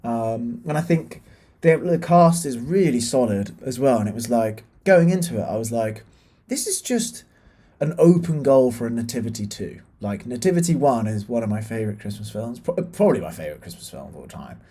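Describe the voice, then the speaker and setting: A man's voice: mid-range voice, very animated, a little fast, mellow. A young British man from the UK ranting casually about bad films as a reviewer, exasperated and full of fillers and restarts. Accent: British English. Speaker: film reviewer. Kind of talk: casual opinionated film review.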